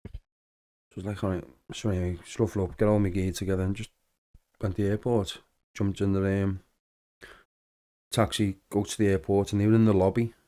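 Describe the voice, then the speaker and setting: Lowish guy, ex-footballer, chatty storytelling, does the voices of people in his stories. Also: moderate pace, long pauses. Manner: animated anecdotes with acted-out dialogue. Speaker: podcast guest, former footballer. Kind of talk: casual storytelling interview.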